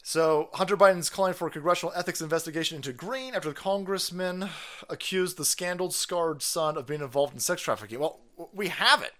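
A man's voice: on the high side, a little fast, fairly bright tone. A man hosting a stream, ranting crudely and mockingly about politics and laughing often. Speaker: podcast host. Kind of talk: profane comedic political rant.

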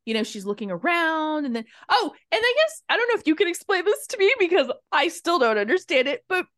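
A woman co-hosting a movie review podcast, chatting casually in an animated, gushing way and laughing often. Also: very high-pitched, a little fast, no echo, studio quality. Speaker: podcast co-host.

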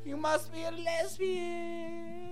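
A man's voice: very high voice, flat delivery, slow, music in the background. A man voicing a foul-mouthed, brawling young woman in a comedy skit, rambling crudely and taunting in a sing-song way.

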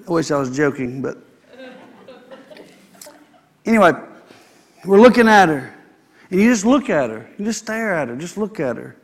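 A man's voice: high voice, very animated, very slow, long pauses. A man, preaching a sermon in a conversational, folksy way and repeating his phrases. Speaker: pastor. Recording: long hall reverb.

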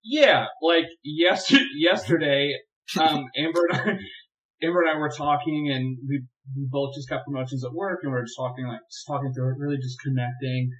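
A young man chatting as a podcast guest, telling animated stories and laughing often. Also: medium pitch, normal speed, dull audio. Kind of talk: casual chat.

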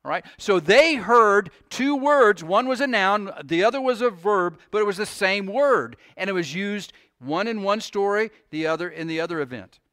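A man's voice: high voice, animated, normal speed, few pauses, a bit bright, no room sound, studio quality. A man preaching a sermon to his congregation, earnest, often restarting his sentences and asking the listeners questions. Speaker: pastor.

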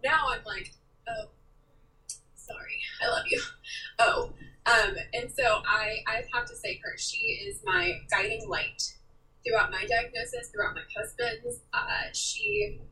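A young woman speaking as an interview guest, animated and emotional, acting out quoted lines as she talks. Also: a little high, measured pace, distant mic, poor audio. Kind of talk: candid interview talk.

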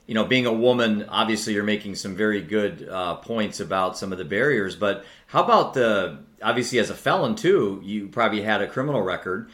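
A man's voice: lowish voice, animated, fairly quick, few pauses, a bit bright. A man hosting an interview, casually jumping in with follow-up questions. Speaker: host. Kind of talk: conversational interview.

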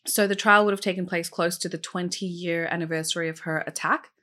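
A woman's voice: fairly low pitch, fairly even intonation, brisk, pushed and bright. A woman hosting a true crime podcast, telling the case casually with lots of "like" and "um" and asking her listeners questions. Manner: chatty, many fillers like "like" and "um"; asks listeners questions directly. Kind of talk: casual storytelling.

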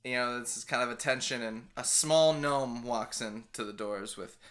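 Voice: medium pitch, normal speed, a bit bright. A game master narrating a tabletop game, loose and laughing, with plenty of fillers.

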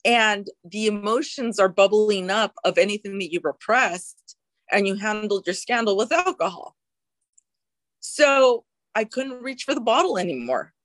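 A woman's voice: mid-range voice, expressive, a little slow, a bit bright. A woman recounts her own recovery in a candid, emotional interview, not shying away from a swear word. Her voice sits in an ordinary middle register for a woman. The sound is dry and close, with no room echo. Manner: emotional and frank, occasional swearing. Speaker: guest sharing recovery story. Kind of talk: candid personal storytelling.

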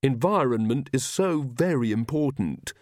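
Reading from a storybook, a man takes on the part of an anxious young mother, earnest and fretful. His medium-pitched voice is raised above his natural register but sounds natural, with lively intonation and a moderate pace, recorded cleanly in a studio with no room sound.

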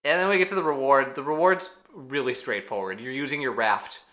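A man co-hosting a podcast, recapping an episode in casual chat with animated storytelling. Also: mid-range voice. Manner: animated storytelling with quick asides. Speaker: podcast co-host.

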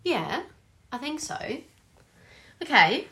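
An Australian woman co-hosting a casual podcast chat, animated and acting out quotes, swearing casually. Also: sits high, slow. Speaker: podcast co-host.

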